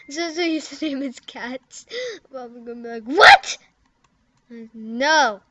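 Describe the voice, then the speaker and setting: Recording a prank game video at her computer, a young woman types, giggles, and mumbles, her remarks halting and trailing away. The voice is on the high side with a fairly bright tone, and the sound from the dull lo-fi computer mic is dry.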